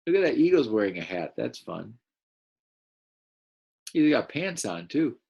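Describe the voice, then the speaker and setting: Gravelly-voiced man reading to children. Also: mid-range voice, very animated, a little slow. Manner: gentle, encouraging, explains as he goes. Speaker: teacher. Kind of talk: reading a picture book aloud to a class.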